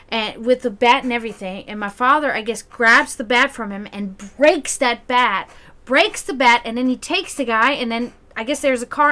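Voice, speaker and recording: A woman telling a long family story in a casual way, acting out the people she quotes and laughing often. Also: a little high. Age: adult, grew up with a brother. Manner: animated, acts out quoted voices, laughs often, profanity. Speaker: community gathering host.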